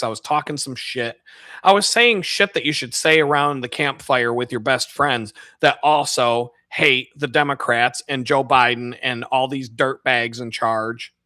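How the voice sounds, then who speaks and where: Bright-voiced man ranting on a stream. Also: medium pitch, normal speed, no echo, studio quality. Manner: profane, rambling, mocking. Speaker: live streamer. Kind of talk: casual rant.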